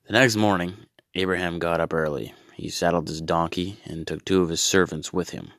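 In a comedy bit, a man reads scripture and then his own updated versions, delivering it deadpan and low-key, broken up by exasperated outbursts. He speaks at normal speed, and the sound is clean studio quality with no echo.

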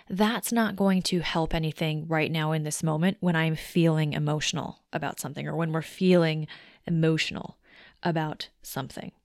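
A woman's voice: deep voice, no echo, studio quality. A woman hosting a solo self-help podcast. She talks in a conversational, reflective way and explains things step by step. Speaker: podcast host.

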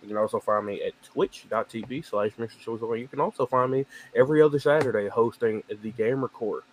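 A man's voice: mid-range voice, brisk. Hesitant man with faint background noise. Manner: hesitant, many fillers. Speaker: podcast co-host. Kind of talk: casual chat.

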